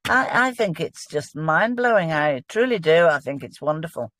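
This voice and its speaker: A woman's voice: low voice, expressive, moderate pace, fairly bright tone, no echo. A woman, a guest in a casual religious discussion, explaining with earnest enthusiasm.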